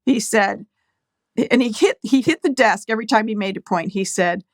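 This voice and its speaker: An earnest middle-aged woman recounts a personal story as a guest. She speaks in a mid-range pitch and slows down when quoting others. The sound is close and dry. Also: no room sound. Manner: earnest, acts out quoted voices with pauses.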